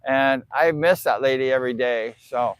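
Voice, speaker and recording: A man's voice: medium pitch, moderate pace, clear, resonant tone, dry recording. An older man from the United States telling personal stories on a livestream, rambling and heartfelt, filling gaps with "like" and "you know.". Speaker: vlogger. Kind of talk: casual personal storytelling on a livestream.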